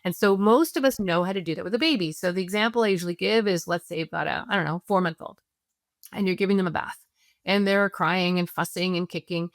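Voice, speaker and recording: A woman as a parenting expert guest, explaining in a conversational teaching style, animated and earnest, walking through examples step by step. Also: fairly low pitch, fast, dry recording, studio quality. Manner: animated, acts out parents and kids in quoted voices.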